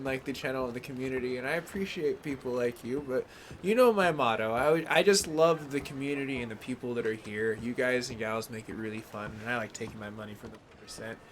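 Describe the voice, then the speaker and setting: Brief: easygoing male streamer, mid-pitched, slangy casual commentary, greets chat by name. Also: a little hiss or hum. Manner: chatty, greets viewers by name; laid-back slangy talk. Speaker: gaming live streamer.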